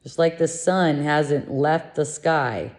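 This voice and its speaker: A woman giving a gentle, meditative spiritual lesson, speaking in a soothing, unhurried way. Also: low-pitched. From living in Mexico. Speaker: spiritual teacher.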